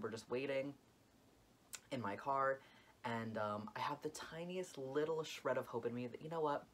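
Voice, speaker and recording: A young man vlogging a dramatic storytime, expressive and full of "like" fillers. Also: mid-range voice, a little hiss or hum. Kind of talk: storytime vlog.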